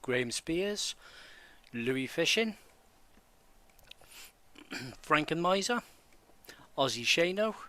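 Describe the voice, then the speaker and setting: A man's voice: a little high, slow pace, long pauses. A man co-hosting a stream, steadily reading out a list of viewer names. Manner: steady listing, brief laughs.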